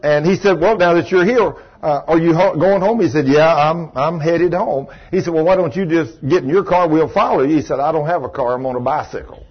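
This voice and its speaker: A folksy middle-aged man with a drawl tells a story from the pulpit, acting out every quote. His voice is husky and sits a little high. The recording sounds dull and lo-fi. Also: brisk, hardly any pauses. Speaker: preacher. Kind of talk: storytelling sermon.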